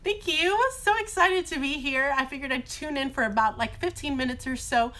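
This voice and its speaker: A woman teacher chatting casually on a live phone stream from a car shop, her voice slightly hoarse from long talking. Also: high-pitched, moderate pace, sharp tone. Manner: chatty and bubbly, many fillers. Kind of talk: casual livestream chat. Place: brother-in-law's car shop, indoors.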